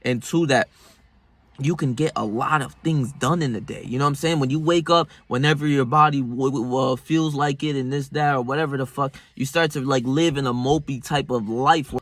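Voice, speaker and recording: A man's voice: mid-range voice, brisk, dry recording. Profane, rambling young man. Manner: rambling, profane, bursts of loud excitement. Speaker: self-improvement vlogger. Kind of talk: casual motivational monologue.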